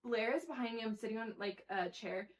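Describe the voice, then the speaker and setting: A young woman co-hosting a casual podcast, her fairly high voice bouncing through funny family stories. She slips into her kids' voices to act out their lines and laughs often as she goes. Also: steady tone, a little fast. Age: young adult. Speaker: podcast co-host. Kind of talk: casual chat.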